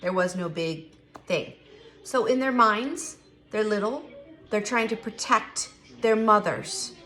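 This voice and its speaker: A woman's voice: medium pitch, slow, a bit bright, faint music behind. A middle-aged woman chatting candidly to camera, emphatic and given to repeating herself. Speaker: vlogger. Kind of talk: casual chat to camera.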